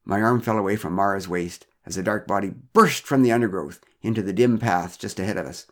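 A man's voice: on the low side, fairly quick. A man narrating a personal story with wry, dry humor.

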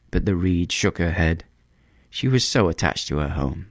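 Man reading a fairy tale, real deep voice, lots of up and down, dry sound. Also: no echo. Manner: expressive and measured. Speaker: storyteller. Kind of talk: storybook reading.

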